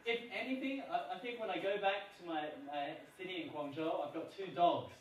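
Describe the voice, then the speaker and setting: A male keynote speaker in a large conference hall gives a humorous talk, telling playful stories that draw laughs. His voice sits high and his pace is brisk. The echoey recording comes from a distant mic with noisy background.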